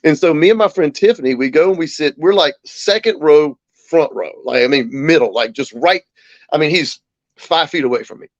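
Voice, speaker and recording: A man in his forties chats as a talk show guest, telling a story and acting out each person's lines. His voice sits a little high. The sound is dry and slightly muffled. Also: moderate pace, dry recording. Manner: animated anecdote teller, acts out quoted voices. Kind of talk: casual storytelling.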